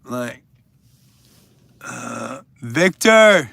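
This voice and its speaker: Livestream host, man in his thirties, gravelly, crude rambling humor. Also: medium pitch, very animated, extremely slow, a bit bright. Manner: joking, crude and rambling, addressing viewers by name. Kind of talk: casual chat reading viewer comments.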